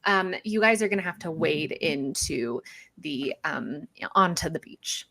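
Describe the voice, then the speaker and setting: A woman's voice: deep voice, lively intonation, measured pace, creaky, fairly bright tone. A woman narrating as game master, chatty and prone to correcting herself mid-sentence. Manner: chatty, self-correcting, giggly asides.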